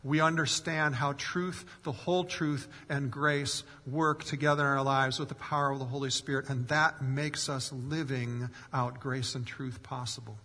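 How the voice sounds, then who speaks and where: A man's voice: mid-range voice, steady tone, normal speed, hardly any pauses, sharp tone. A male pastor preaching a sermon in an earnest way, rising in force for emphasis and acting out quoted voices. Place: church sanctuary. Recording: long hall reverb.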